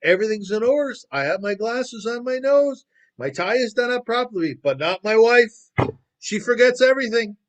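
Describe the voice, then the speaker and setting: A man voicing a flustered, indignant husband who loudly scolds his wife for forgetting everything. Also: animated, a little slow, few pauses. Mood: exasperated. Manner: loud exasperated scolding, high-pitched.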